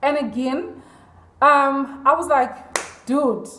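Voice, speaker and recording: Speaking at an ordinary pace, a high-voiced female vlogger shares a story expressively and confidingly with her viewers, leaning on ums and "I'm like." Her echoey room has a little background noise too.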